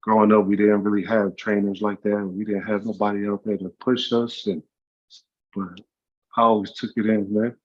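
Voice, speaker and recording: A man's voice: lowish voice, little pitch movement, normal speed, highs cut off. A man telling his life story as an interview guest, speaking earnestly and from the heart, with many "you know" fillers. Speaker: guest, former college football player and youth trainer. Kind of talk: casual interview.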